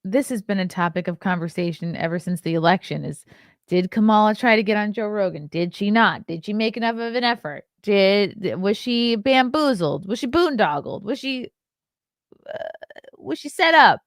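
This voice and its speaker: A woman's voice: medium pitch, animated, moderate pace, no echo, studio quality. A woman hosting a casual morning show, chatting and rambling as she reacts to viewer comments, sounding tired. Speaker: podcast host.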